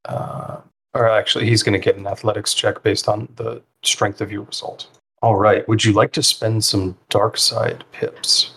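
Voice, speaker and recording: Laid-back male game master, lowish voice. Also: normal speed, vocal fry. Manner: relaxed, filler-heavy narration with frequent ums and likes. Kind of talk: narrating a tabletop role-playing game.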